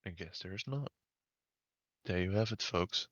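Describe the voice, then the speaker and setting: A man's voice: sits low, a little slow, a bit bright, no echo, lo-fi sound. A man playing a tabletop game, making wry, dry asides. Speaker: player.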